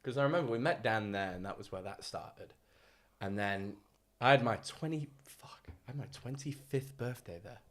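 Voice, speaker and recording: A man co-hosting a podcast, telling stories in a casual, animated way, often mimicking other people's voices and laughing as he talks. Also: medium pitch, moderate pace. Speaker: podcast co-host. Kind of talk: casual storytelling chat.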